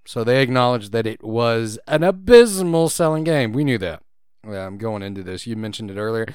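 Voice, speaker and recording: A man's voice: medium pitch, expressive, moderate pace, darkish tone, clean tone, dry recording, studio quality. A man co-hosting a video game podcast, reading news items between jokes and laughing often, repeating his own phrases. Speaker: podcast co-host.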